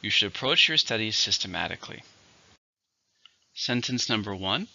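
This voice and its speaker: A man teaching English vocabulary slowly and carefully, counting syllables and marking stress. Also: lowish voice, expressive, vocal fry, bright, forceful tone, highs cut off. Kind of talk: vocabulary lesson.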